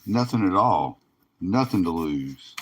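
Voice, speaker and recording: Weary male stream host, slow and easygoing, chuckles between card reveals. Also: deep voice, expressive, fairly bright tone. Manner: laid-back, drawling, laughs often. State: tired, yawning. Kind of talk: casual livestream commentary.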